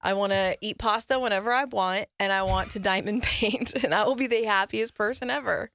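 A woman co-hosting a podcast, chatty and quick to laugh as she tells stories about her life. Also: mid-range voice, gravelly, fairly bright tone, dry recording, clean studio sound. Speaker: podcast co-host. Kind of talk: casual chat.

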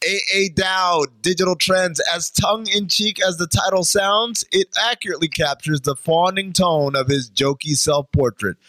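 A man hosts a casual podcast, reading out film reviews in a playful way. His voice sits a little high. The sound is close and dry, with no room around it. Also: normal speed, few pauses, sharp tone, no echo. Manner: reads quoted reviews aloud, playful catchphrase. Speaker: podcast host. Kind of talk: casual chat.

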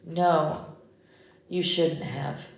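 A woman reading the lines of a jealous, controlling husband in a low, demanding voice. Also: steady tone, extremely slow, gravelly, full character voice. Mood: shaken. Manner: suspicious and demanding. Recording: roomy echo.

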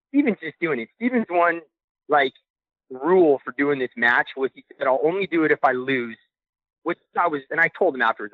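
A young man tells a story fast and eagerly, full of casual slang. He is calling in, so his voice comes through a tinny phone line. The sound is dry and close. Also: medium pitch, no room sound. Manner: excited, quick, loose slang. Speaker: podcast caller sharing a story. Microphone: phone call.

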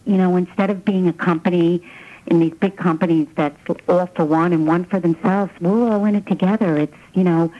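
A woman's voice: fairly low pitch, fairly even intonation, fairly quick, muffled recording. A woman from New Jersey calls in to a program and gives an eager, chatty testimonial, often restarting her sentences. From New Jersey, USA. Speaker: caller giving a testimonial. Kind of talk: casual testimonial on a call-in program.

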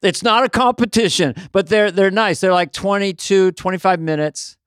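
A man's voice: sits high, moderate pace, a bit bright, clean tone, no room sound, clean studio sound. A middle-aged man hosting a podcast, chatting casually in a rambling, self-deprecating, jokey way. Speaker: podcast host. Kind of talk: casual chat.

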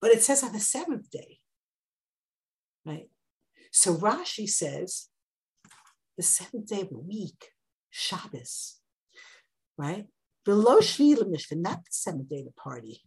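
A woman teaching a Bible class, lively and conversational, jumping up high when she acts out quotes. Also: unhurried, long pauses. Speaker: Torah teacher.

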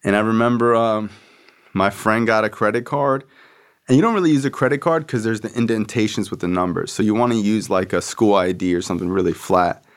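A man's voice: fairly low pitch, brisk, clear, resonant tone. A man hosting a podcast, telling a personal story in casual, slangy speech full of "like" and swearing. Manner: slangy, profane, fills with "like", acts out friends' voices. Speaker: podcast host.

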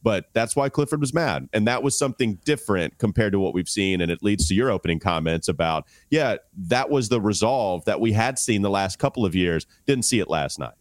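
A man hosting a casual sports podcast, giving lively takes between short agreeing replies. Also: fairly low pitch, brisk, few pauses, dry recording. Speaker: podcast host.

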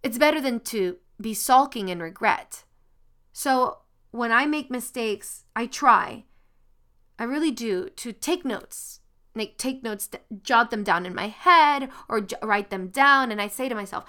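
A woman's voice: a little high, lively intonation, unhurried, bright, forceful tone, smooth. A woman hosting a motivational podcast, reading a passage with dramatic emphasis and then talking earnestly and encouragingly to her listeners. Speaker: podcast host.

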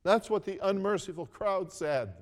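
A man's voice: high voice, lively intonation, moderate pace, long reverb tail. A male preacher giving a sermon, telling a story earnestly, repeating phrases and inviting listeners to read scripture along with him.

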